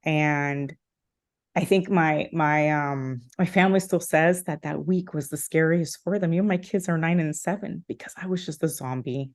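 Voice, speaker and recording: A woman's voice: deep voice, normal speed, darkish tone. A woman in her thirties, a podcast guest, telling a personal story with heartfelt emotion, many fillers and restarts.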